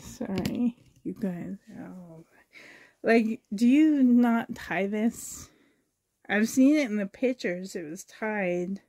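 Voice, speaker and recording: A woman's voice: medium pitch, slow, warm tone, low-quality recording. A woman with a Canadian accent, chatting casually while unboxing, gushing, giggly and rambling. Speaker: reborn doll vlogger.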